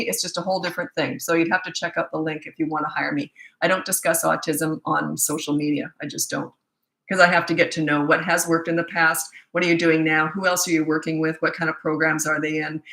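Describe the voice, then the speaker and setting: An older woman, a parenting coach, answering viewer questions in a quick, chatty live-stream Q&A from a phone. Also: deep voice, flat delivery, vocal fry, fairly bright tone. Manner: fast-talking, chatty. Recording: echoey room.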